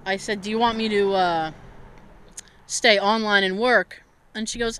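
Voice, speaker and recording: A woman telling a story on a casual podcast, acting out each quote in a higher voice. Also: steady tone, unhurried, fairly bright tone, a little hiss or hum. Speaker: podcast co-host.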